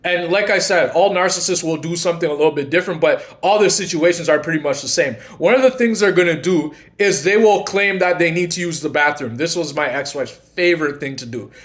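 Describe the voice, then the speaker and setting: A man's voice: on the high side, fairly bright tone. A man hosting his own channel, speaking in a casual monologue and telling long, earnest stories. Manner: earnest, long-winded storytelling. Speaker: channel host and coach.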